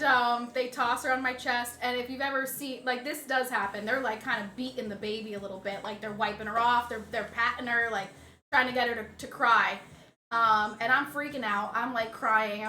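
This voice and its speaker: Brief: young woman, bright and slightly high voice, lively casual storyteller, roomy echo. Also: a little hiss or hum. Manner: animated, lively retelling. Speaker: streamer's partner, co-host.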